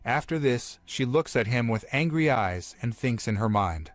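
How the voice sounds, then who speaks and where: A man's voice: mid-range voice, lively intonation, normal speed, no room sound, soft background music. Man narrating a story recap, dry sound. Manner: strings events together with "and then he says".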